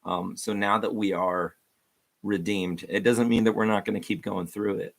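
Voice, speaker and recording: A man's voice: fairly low pitch, fairly even intonation, moderate pace, creaky. A man giving an informal, earnest devotional talk to viewers, rambling with frequent restarts.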